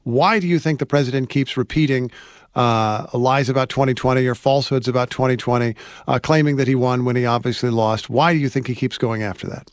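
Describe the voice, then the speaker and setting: A man hosting a news interview, asking calm, probing questions. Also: medium pitch, fairly quick, no room sound. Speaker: radio interviewer.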